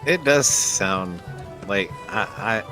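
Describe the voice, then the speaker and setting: Deep-voiced laid-back man, music behind. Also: expressive, extremely slow. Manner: laid-back, swears casually, brief interjections. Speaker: podcast co-host. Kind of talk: casual chat.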